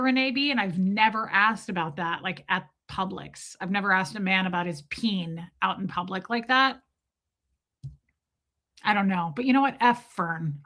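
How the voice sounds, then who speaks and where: A woman's voice: mid-range voice, pushed and bright. A woman hosting a livestream, chatting casually in a blunt, profane, self-mocking way. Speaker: livestream host. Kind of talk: casual chat.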